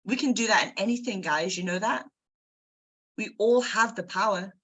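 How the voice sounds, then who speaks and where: A woman hosting a book club, giving an energetic motivational talk straight to her listeners. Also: medium pitch, normal speed, breathy edge. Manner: energetic, addresses listeners directly.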